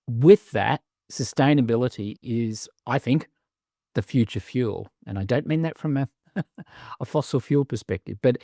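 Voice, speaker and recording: A man's voice: mid-range voice, gravelly, a little mellow, dry recording, studio quality. Wry man, articulate business leader. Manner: articulate, wry and self-deprecating, with frequent restarts. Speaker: CEO of a business sustainability council. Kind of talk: podcast interview.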